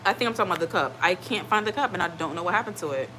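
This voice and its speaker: A woman chatting on her live stream in a slightly low voice, rambling from one thought to the next. She reads out viewer comments and keeps checking in with a reassuring "okay?". Faint noise sits under her voice. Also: expressive, racing, sharp tone, poor audio. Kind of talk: casual live-stream chat.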